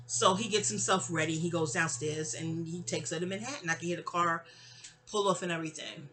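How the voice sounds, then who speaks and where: A woman, telling a personal story in an animated, digressive, sassy way. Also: fairly low pitch, fast, music in the background. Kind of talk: casual storytime monologue.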